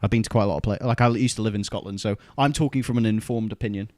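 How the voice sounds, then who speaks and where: A man's voice: fairly low pitch, steady tone, very fast, a little mellow, no echo, studio quality. A man hosting a casual podcast, ranting and swearing in mock outrage. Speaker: podcast host.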